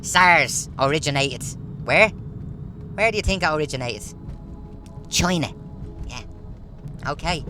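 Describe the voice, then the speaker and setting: A man's voice: a little high, bright, forceful tone. A man, ranting in a casual monologue full of rhetorical questions. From Ireland. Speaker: vlogger.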